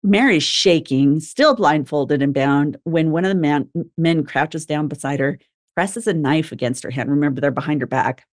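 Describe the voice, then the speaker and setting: A young woman tells a true crime story on a podcast in a relaxed, chatty way, dropping swear words and laughing between the grim details. Her voice sits on the low side, and the sound is close and dry with no room echo. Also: moderate pace. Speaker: podcast co-host.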